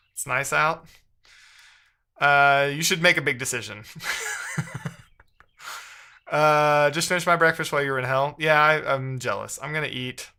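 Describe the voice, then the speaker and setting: A man's voice: fairly high pitch, pushed and bright. A man live-streaming while he codes, reading chat aloud and muttering his frustration to himself.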